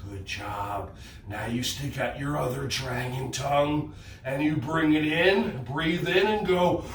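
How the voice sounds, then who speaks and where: A man's voice: medium pitch, slow pace, roomy sound, distant mic, a little hiss or hum. A man from New Jersey with a New Jersey accent, leading a playful children's yoga class indoors and cheering the kids on. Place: indoor room.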